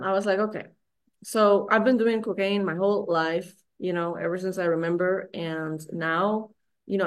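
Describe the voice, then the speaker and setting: A middle-aged woman frankly telling a raw personal story as a podcast guest, swearing freely and restarting her sentences. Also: medium pitch.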